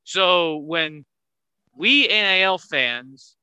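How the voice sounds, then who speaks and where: A man hosting a casual sports podcast, talking in an animated way that gets higher when he drives a point home. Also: extremely slow, clear, resonant tone, no echo, dull audio. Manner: animated, rising pitch when making a point. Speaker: podcast host.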